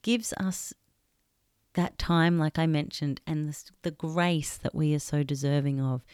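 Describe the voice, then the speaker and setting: Slow, soothing low-voiced woman meditation guide. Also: smooth, no room sound, studio quality. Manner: gentle, soothing, unhurried with long pauses. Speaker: meditation guide and podcast host.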